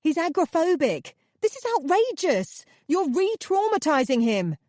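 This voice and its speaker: Woman narrator doing an indignant woman therapist, sharp outbursts, mellow low voice, dry close sound. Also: lively intonation, moderate pace, no room sound. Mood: outraged. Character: indignant woman therapist defending her patient.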